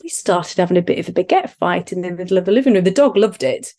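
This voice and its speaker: This is a middle-aged woman from Wales, a guest on an interview podcast. Her voice is mellow and soft-edged, and she talks earnestly, poking fun at herself and growing lively in her anecdotes. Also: fairly low pitch, fast. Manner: earnest, animated when telling stories, self-deprecating. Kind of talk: podcast interview, personal story.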